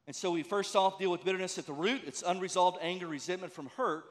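A man's voice: high-pitched, quick pace. A man preaching a sermon as a pastor, conversational and emphatic, with many rhetorical questions. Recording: long reverb of a large hall.

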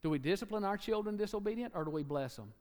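A man preaching a sermon, animated, acting out quotes and joking with the congregation. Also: high-pitched, quick pace, in a large hall.

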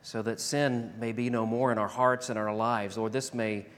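A pastor delivering a sermon and closing prayer, rising to loud emphatic declarations and dropping to hushed, slow prayer. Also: male voice, medium pitch, steady tone. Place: church sanctuary. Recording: long reverb of a large hall.

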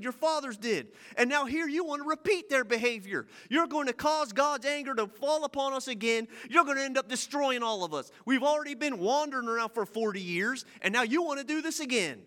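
A man delivering a sermon in a high, bright voice. He reads scripture, then retells it in loose, folksy everyday slang, talking to the congregation like old friends. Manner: folksy preaching, paraphrasing scripture in casual slang. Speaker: pastor.

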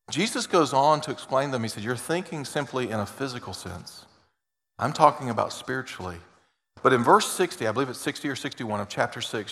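A man preaching a sermon as a pastor, earnest, moving between loud emphasis and quiet, intimate asides. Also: mid-range voice, lively intonation, brisk, big-room sound.

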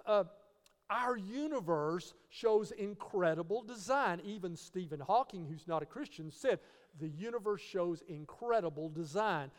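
A Christian teacher gives an apologetics talk, asking rhetorical questions and spelling key words out letter by letter. His high-pitched voice has lively intonation and an unhurried pace, recorded with long reverb.

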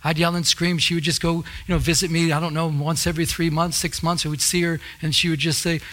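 A man's voice: on the high side, little pitch movement, quick pace, a bit bright. A male pastor preaching a sermon with fervor, repeating phrases for emphasis.

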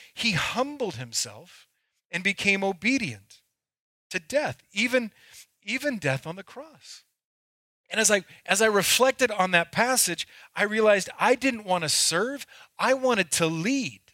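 A man's voice: high-pitched, bright, forceful tone, dry recording. A middle-aged man, a pastor, preaching a sermon and telling candid, self-mocking stories about himself.

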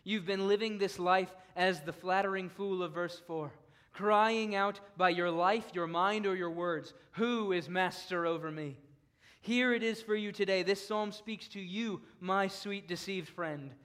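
A preacher delivering a sermon in a notably high, unhurried voice. He moves between ringing declarations and quiet, solemn stretches that sink almost to a murmur. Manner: fervent, dramatic preaching that drops to a hushed, solemn voice.

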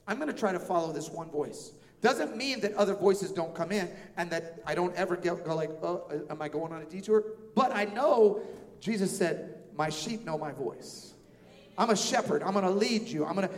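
High-voiced preacher in a reverberant hall. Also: male voice, fast. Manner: emphatic, repeats phrases, swings between soft and loud. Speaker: pastor. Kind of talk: sermon. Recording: reverberant hall with faint music.

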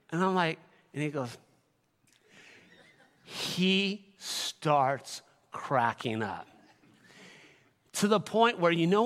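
A middle-aged man preaching a sermon in a church, telling stories animatedly and building to shouted exhortation. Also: a little high. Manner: animated storytelling with laughter, rising to shouted exhortation. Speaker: pastor. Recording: echoey church hall.

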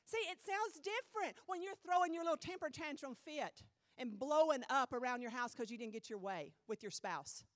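A woman preaching a sermon, blunt and animated, mocking excuses in quick mimicry. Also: high voice, dry recording, clean studio sound.

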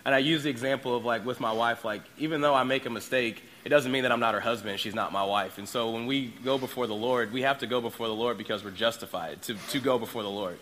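A man's voice: medium pitch, fast talker, hardly any pauses, a bit bright, a little hiss or hum. A man sharing a short devotional thought in church, talking loosely and casually with small fillers.

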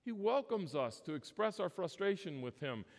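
A man's voice: high voice, very animated, normal speed. A man preaching a sermon as pastor, earnest and emphatic, often restarting his phrases. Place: church sanctuary. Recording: long church reverb.

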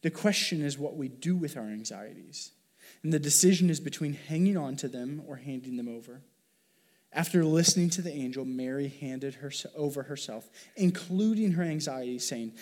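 A man's voice: on the high side, expressive, normal speed, a little mellow. Earnest conversational male pastor preaching. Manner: conversational, earnest, with frequent fillers and restarts. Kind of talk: sermon.

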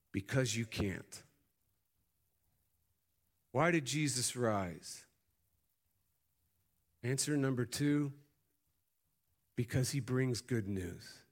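A male pastor preaching a sermon, building to loud emphatic peaks and then dropping into quiet, easy storytelling. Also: mid-range voice.

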